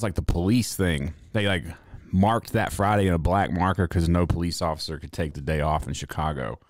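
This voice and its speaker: Low-voiced, swearing young male streamer. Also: dry recording, studio quality. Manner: sarcastic, swears freely, drawling asides. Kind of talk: casual profane rant.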